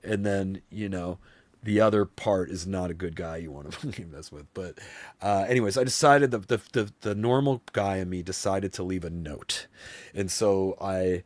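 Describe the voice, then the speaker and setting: A man hosting a live stream, telling a long story to his chat in a rambling, animated way, swearing freely and acting out other people's voices. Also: low-pitched, normal speed, no room sound. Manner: rambling, animated, swears a lot, often says "you know what I mean".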